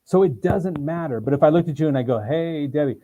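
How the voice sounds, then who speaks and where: A sales trainer appears as an interview guest on a video call, teaching with energy and emphasis and acting out examples in voices. His voice is fairly high and quick, over a rough recording with a little hiss or hum.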